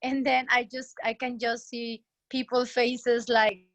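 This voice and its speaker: A woman speaks slowly and hesitantly, with many fillers, on a group video call. Her voice is fairly high, and the sound is dry. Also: level tone, no echo, muffled recording. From Mexico. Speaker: participant sharing. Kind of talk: personal sharing on a call.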